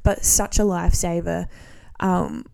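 A woman in her twenties hosting a solo podcast, talking casually in a relaxed, rambling way with frequent ums and restarts. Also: mid-range voice, measured pace. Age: 20s. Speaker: podcast host.

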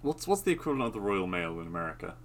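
A man's voice: sits low, big pitch swings, very fast. A man from Britain chatting casually about films with friends, rambling and hesitant, with many restarts. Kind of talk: casual movie review chat.

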